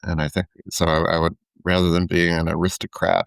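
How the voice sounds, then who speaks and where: A deep man with a gravelly, creaky voice who picks his words slowly in a relaxed chat with his co-host, often stopping to restart them. The sound is dry and close, with no room around it. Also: dry recording. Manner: hesitant, restarts words, thoughtful. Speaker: podcast co-host. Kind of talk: casual chat.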